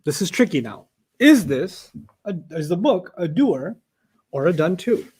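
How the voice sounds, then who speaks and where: A man teaching an Arabic class in a relaxed way, telling lively stories and acting out the people in them, then quizzing his students. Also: high voice, unhurried, breathy edge. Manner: animated storyteller who acts out quoted people; asks students questions and checks their answers. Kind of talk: casual storytelling and live teaching.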